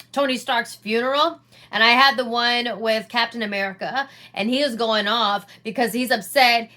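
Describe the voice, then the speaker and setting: A woman comedian ranting in an exasperated, profane, animated way straight to camera. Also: on the high side. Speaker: comedian and sketch creator. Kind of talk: profane rant vlog.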